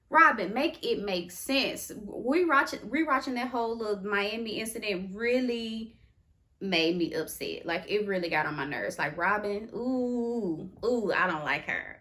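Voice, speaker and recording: A woman giving casual, sassy commentary on a reality TV show, expressive and exclamatory. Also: fairly high pitch, normal speed. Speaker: reality TV recap vlogger.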